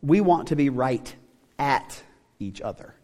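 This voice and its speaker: A man's voice: mid-range voice, expressive, measured pace, dark tone. Man preaching a sermon in a reverberant hall. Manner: conversational preaching with rhetorical questions. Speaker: pastor. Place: church sanctuary. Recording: long reverb of a church hall.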